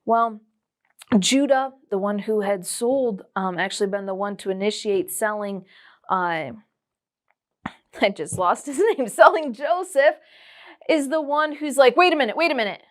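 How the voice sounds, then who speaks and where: A woman teaching at children's church, telling a Bible story in an animated way and asking the children questions. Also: mid-range voice, measured pace, long pauses.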